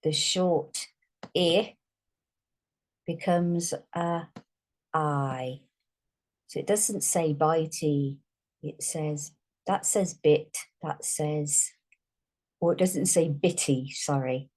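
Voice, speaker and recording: Slow patient woman teaching phonics. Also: low-pitched, darkish tone. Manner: slow, drawn-out sounding out of words. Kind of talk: phonics lesson.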